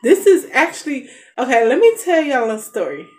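Very animated and high-pitched, an American mom in her thirties rambles through a story in casual chat, pausing for asides to her kids. The family vlogger's voice is a little mellow at a moderate pace, recorded in her noisy home basement.

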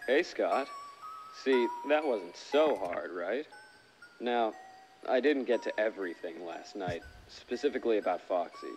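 A man voicing a casual phone guide in a horror video game, giving relaxed, chatty instructions. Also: lowish voice, unhurried, music in the background, low-quality recording. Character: casual male night-shift guide on a phone.

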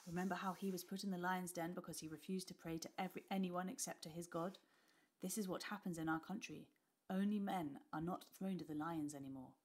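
A woman voicing a frightened, weary Tudor father who speaks in an urgent, hushed voice. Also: on the low side, steady tone, brisk, natural voice.

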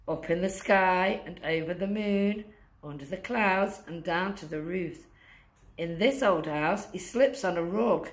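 Slow rhythmic woman reading a storybook. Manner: rhythmic, deliberate, sound-effect words drawn out low. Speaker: masked guest reader. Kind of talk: reading a rhyming picture book aloud to children.

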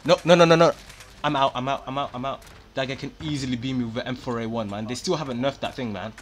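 A man and gaming YouTuber giving excited gameplay commentary, hyped and exclaiming often, voice a bit worn. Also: mid-range voice, slight background noise. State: losing his voice a little.

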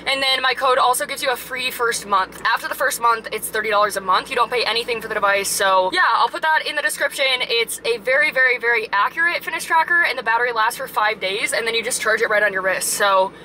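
Young woman fitness vlogger, bright and higher-pitched, chatty and upbeat, phone-camera talk. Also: fast, hardly any pauses, a little hiss or hum, poor audio. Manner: chatty, upbeat, lots of "like" and "super". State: out of breath after a workout. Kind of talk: casual vlog talk to camera. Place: outside a gym and at home.

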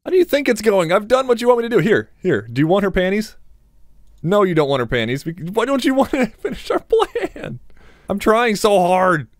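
A man's voice: high voice, sing-song, moderate pace, no echo, studio quality. Joking young male game commentator. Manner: joking, crude, laughing, talks to game characters. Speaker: gamer. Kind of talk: let's play commentary.

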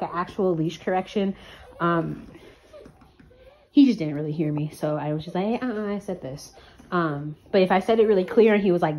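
A woman filming a casual vlog about training her dog, calmly explaining each step to viewers in a chatty way. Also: lowish voice.

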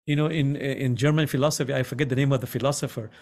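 A middle-aged imam teaches gently and contemplatively on a video call, going back over key lines slowly to stress them. His voice is mid-range and his intonation fairly even.

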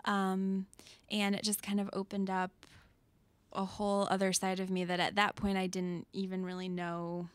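A woman's voice: mid-range voice, completely flat delivery, normal speed, clean tone, dry recording. A young adult woman, a singer-songwriter guest, chatting casually in a studio interview and laughing often. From Metro Detroit. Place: radio studio.

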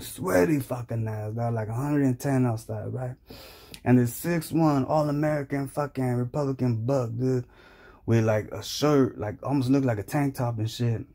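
A man's voice: medium pitch, dark tone. A man telling a crude comic story in a profane, rambling, slangy way. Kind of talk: crude comedic storytelling rant.

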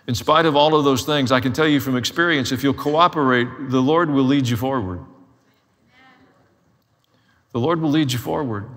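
A man's voice: mid-range voice, a bit bright, in a large hall. A man preaching a sermon as a pastor, telling his own story in a candid, self-deprecating way.

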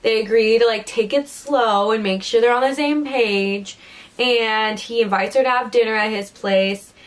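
A woman's voice: a little high, fairly even intonation, moderate pace. A young woman co-hosting a podcast, casually recapping a book plot with lots of "like" and "um". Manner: chatty, heavy use of "like" and "um". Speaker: podcast co-host.

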